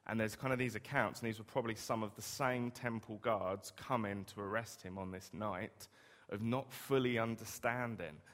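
Man, preacher, low voice, chatty sermon, rhetorical questions, echoing hall. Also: steady tone, moderate pace, a bit bright. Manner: conversational, asks the listeners rhetorical questions. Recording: long reverb of a hall.

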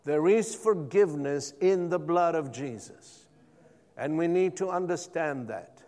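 A man's voice: a little high, a little slow, dark tone. A male pastor preaching a sermon, drawing the congregation in with repeated calls of "Amen?". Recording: long hall reverb.

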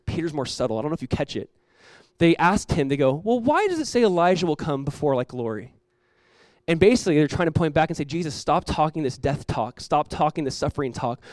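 Talking fast in a slightly high voice, a young man gives a laid-back, conversational sermon full of "like," briefly speaking as Jesus and the disciples. The recording is close-miked and dry, without any echo.

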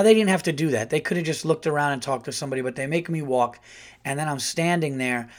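A middle-aged male comedian hosting a podcast, telling an exasperated story in a casual, animated way and acting out the quotes. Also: mid-range voice. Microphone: podcast studio mic.

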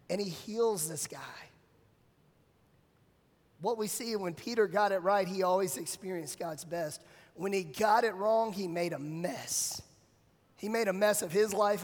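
A male pastor gives a sermon, telling the story in a lively, casual way. His voice sits high for a man. Long reverb from a large church hall trails each phrase. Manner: animated storytelling with casual slang.

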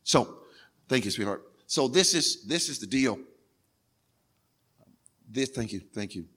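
A male pastor preaching a sermon, repeating phrases insistently and building from quiet talk to crying out. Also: expressive, measured pace, breathy edge. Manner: swings from low and quiet to shouting, crying out.

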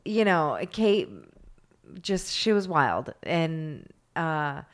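A woman co-hosting a casual chat, telling a story in an animated, rambling way, with lots of "like" and swearing. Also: deep voice, drawn-out words, clear, resonant tone.

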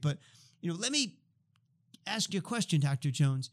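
Animated storytelling man in his fifties. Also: fairly high pitch, brisk, long pauses. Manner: animated, acts out dialogue in stories. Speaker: guest expert on healthcare change. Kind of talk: conversational storytelling.

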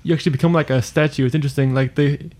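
A man's voice: fairly high pitch, fairly even intonation, rapid-fire, darkish tone. A man co-hosting a podcast in casual chat, rambling and trailing off, laughing often. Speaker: podcast co-host.

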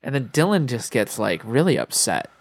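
A man co-hosting a podcast, casually retelling movie scenes with halting, stammering delivery. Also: medium pitch, big pitch swings, noisy background. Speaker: podcast co-host.

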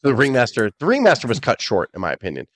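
A man co-hosting a podcast, telling stories in animated casual chat, swearing freely. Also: mid-range voice, fast, no echo. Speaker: podcast co-host.

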